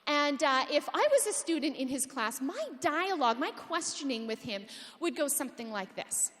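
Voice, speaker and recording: High, lively woman speaking in a hall. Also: normal speed. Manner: animated, humorous, full of rhetorical questions. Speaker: conference speaker. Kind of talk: conference talk. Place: large conference hall. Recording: long reverb of a conference hall.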